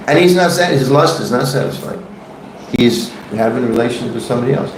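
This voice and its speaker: A man's voice: mid-range voice, expressive, brisk, noisy background. A man teaching a devotional scripture class in a temple hall, conversational and joking, questioning his audience. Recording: echoey room.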